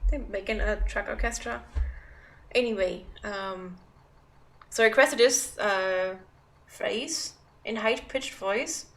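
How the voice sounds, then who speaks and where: A woman's voice: medium pitch, takes it slowly, gravelly, pauses often, a bit bright. A woman in her thirties chatting casually on a game livestream, rambling and self-deprecating. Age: 30s. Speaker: game streamer.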